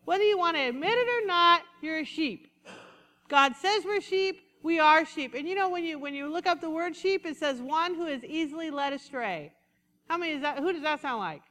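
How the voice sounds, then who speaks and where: Woman preacher, lively and conversational; high voice in a reverberant hall. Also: moderate pace. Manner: animated, conversational preaching with acted-out asides. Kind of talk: sermon.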